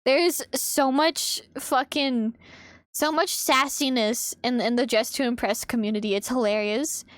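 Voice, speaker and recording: A young woman streamer chatting casually while she draws, animated and swearing freely, laughing often. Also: sits high, unhurried, no echo, studio quality. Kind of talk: casual chat while drawing. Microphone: desk microphone.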